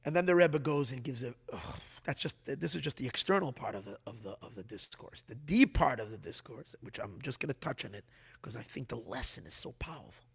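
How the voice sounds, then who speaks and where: Animated rabbi with a hall echo. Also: male voice, mid-range voice, a little fast, vocal fry, slightly rough. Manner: animated, voices the body and Earth speaking, swings from hushed to loud. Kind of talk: Torah class. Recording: long hall reverb.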